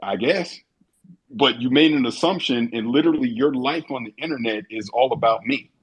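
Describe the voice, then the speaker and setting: Husky emphatic man. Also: medium pitch, moderate pace, poor audio. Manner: emphatic, animated storytelling with quoted voices. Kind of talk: casual chat.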